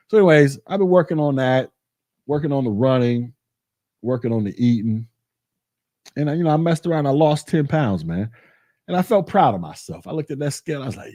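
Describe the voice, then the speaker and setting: Dude w just chatting on his vlog, warm mellow voice, dry close sound. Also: a little high, brisk, no echo. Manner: animated storytelling, colloquial, repeats himself. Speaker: tech channel host. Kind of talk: casual vlog chat.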